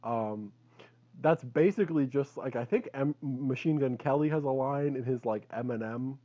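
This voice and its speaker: A man's voice: medium pitch, moderate pace, warm tone, lo-fi sound. A man co-hosting a comedy podcast, chatting loosely and laughing often. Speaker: podcast co-host. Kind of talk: casual comedy chat.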